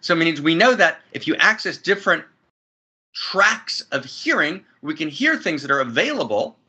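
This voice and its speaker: A man's voice: on the high side, very animated, moderate pace, pushed and bright, breathy edge. A man speaking as an interview guest in a spiritual conversation, effusive and building to soaring emphatic peaks, talking from a friend's house.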